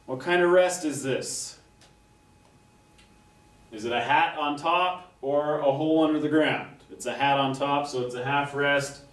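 A man leads a music lesson at a slow, patient pace, chanting rhythm syllables as he works at the board. He is recorded from across an echoey classroom. Faint noise sits under his voice. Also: fairly high pitch, fairly bright tone, distant mic. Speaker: music instructor. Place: classroom with chalkboard.

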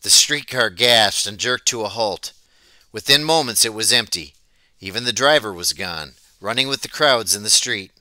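Man reading a story aloud, bright crisp voice. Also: fairly low pitch, normal speed, no room sound. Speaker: audiobook reader. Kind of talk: storybook read-aloud narration.

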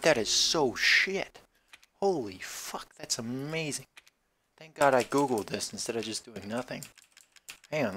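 A man's voice: medium pitch, fairly bright tone, slight background noise. A man giving casual let's-play commentary while gaming, rambling and wisecracking with plenty of swearing. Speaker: gameplay commentator.

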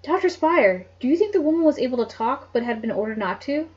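An eager young girl detective asks questions with keen energy, as a woman reads her lines. Her voice sits fairly high. The recording sounds dull and lo-fi. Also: animated, fast, darkish tone, slightly rough.

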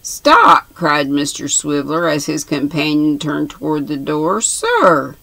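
A woman in her sixties calmly reading a novel aloud. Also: sits low, creaky, dry recording, poor audio. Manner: calm, measured reading. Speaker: reader.

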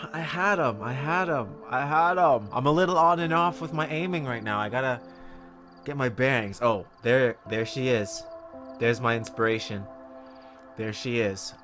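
A man giving casual, jokey commentary while playing a video game, talking to himself and the in-game dog with sudden excited outbursts. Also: mid-range voice. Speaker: gaming video host.

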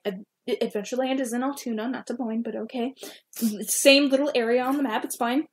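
A woman's voice: fairly high pitch, fairly quick, a little mellow. A young woman reading her old fan fiction aloud, breaking off to laugh and make self-mocking comments. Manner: giggly, self-mocking asides. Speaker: YouTuber.

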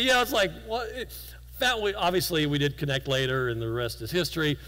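A man delivers a sermon in a church, his voice bright and a touch high. He talks to the congregation like friends, joking at his own expense as he tells a story. The sound carries a long hall reverb. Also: brisk. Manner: conversational storytelling with self-deprecating humor. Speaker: guest preacher. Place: church sanctuary.

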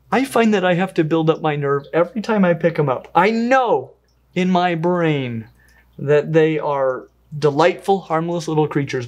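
A pet channel host giving an enthusiastic, playful review of a pet invertebrate, with lively swings in pitch and fond talk to the animal. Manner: talks fondly to the animal while handling it. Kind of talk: pet care review vlog.

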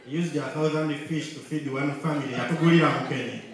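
Ugandan male stand-up, lightly raised pitch, mock-serious storyteller, live hall echo. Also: steady tone, a little fast. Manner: punchy, mock-serious storytelling, switching into Luganda, rising to shouted punchlines. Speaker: stand-up comedian. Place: large comedy venue with live audience. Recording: echoey live hall from far off, loud crowd.

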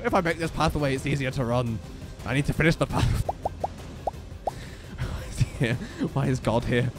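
A man giving excitable Minecraft gameplay commentary, swinging into panicked pleading and laughter. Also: mid-range voice, moderate pace, long pauses, soft background music. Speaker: gaming video creator.

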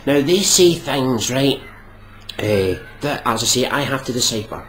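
A man's voice: medium pitch, expressive, measured pace, fairly bright tone. A young Scottish man ranting into his vlog, exasperated and sarcastic, swearing a lot. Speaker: vlogger.

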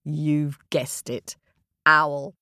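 A woman storyteller narrates a children's fable in a deep voice at an extremely slow pace. She is lively and playful, speaking directly to the young listeners, in a dry, clean studio recording.

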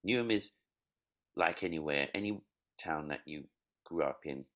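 A man, a comedian being interviewed, telling stories casually and acting out quotes. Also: very deep voice. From East London. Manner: animated storytelling, acts out quotes.

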